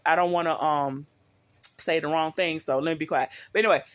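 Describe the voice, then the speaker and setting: A woman's voice: deep voice, steady tone, brisk. A middle-aged woman talks straight to her viewers in a loose, rambling way. She is recorded on a phone at home and keeps turning to them with questions. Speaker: vlogger. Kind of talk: casual talk to viewers.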